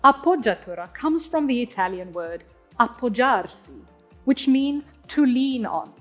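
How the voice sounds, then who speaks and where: A woman explains an opera aria to students, pitching her voice high and letting it swing widely. She speaks clearly and carefully, sounding out the Italian words one by one. Faint music plays softly behind her. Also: lively intonation, a little slow. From South Africa. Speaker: opera singer teaching. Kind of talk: instructional talk on singing.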